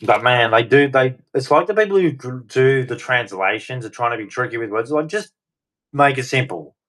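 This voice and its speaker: A man talking on his own live stream from a home studio, his voice at an ordinary mid pitch. He rambles in a blunt, mildly crude way and often cuts himself off mid-sentence. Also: expressive, normal speed, fairly bright tone. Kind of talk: casual live stream rant.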